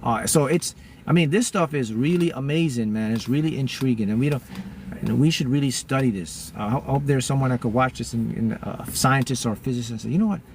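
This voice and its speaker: A man's voice: mid-range voice, brisk, slight background noise. A man talking casually to his viewers as a spiritual mentor, rambling and often breaking off to restart his sentences.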